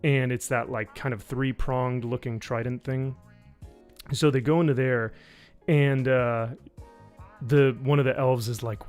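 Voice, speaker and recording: A man at an ordinary middle pitch talks through a live-stream recap, rambling and full of fillers. He swears freely and turns sarcastic as he goes, with faint music playing under him. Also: steady tone, unhurried, darkish tone. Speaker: YouTube reviewer on a live stream.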